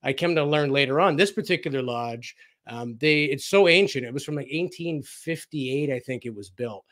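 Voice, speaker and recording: A man's voice: medium pitch, normal speed, a bit bright. A man as a guest on a radio interview, telling personal stories in a casual, anecdotal way and acting out quoted conversations. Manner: anecdotal, acts out quoted dialogue, frequent fillers.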